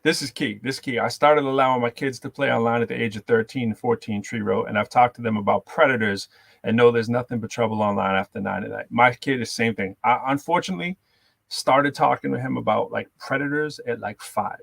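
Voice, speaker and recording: A fast-talking man with a gravelly edge, telling stories as he co-hosts a casual talk show. He jumps into high, playful voices to act out the people in his stories. The sound is dry and close. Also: no echo. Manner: animated storyteller, acts out quotes in high voices. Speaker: co-host. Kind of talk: casual podcast chat.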